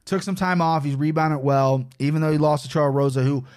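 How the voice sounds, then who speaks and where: A man hosting a casual betting podcast, his voice sitting a little higher than most. He talks in loose, profane, joking banter. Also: fairly even intonation, brisk, a little mellow, clean tone. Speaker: podcast host.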